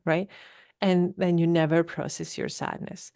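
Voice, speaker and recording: Woman podcast host, lowish voice, dry close sound, coaching tone, keeps asking "right?". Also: fairly even intonation, moderate pace, darkish tone, clear, resonant tone, dry recording. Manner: coaching, repeats "right?" often. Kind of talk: solo podcast talk.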